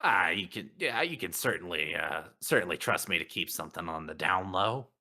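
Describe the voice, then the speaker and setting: A man's voice: low voice, animated, brisk, sharp tone, voice pushed down, exaggerated voice. A man voicing a rustic male blacksmith in a tabletop game, with folksy, hesitant, rambling talk. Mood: wary. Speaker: player. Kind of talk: in-character tabletop role-play.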